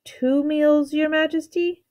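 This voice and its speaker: Lady doing a nervous old-court counselor, stammery and bowing, higher voice, soft mellow tone. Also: a little slow, creaky. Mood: deferential. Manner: flustered, stuttering. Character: anxious, deferential male court counselor.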